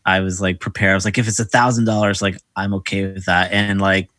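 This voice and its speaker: A man's voice: low-pitched, flat delivery, fast, bright, forceful tone, dry recording, studio quality. A young man co-hosting a podcast, telling casual stories in an upbeat, rambling way with plenty of fillers. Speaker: podcast co-host. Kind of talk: casual chat.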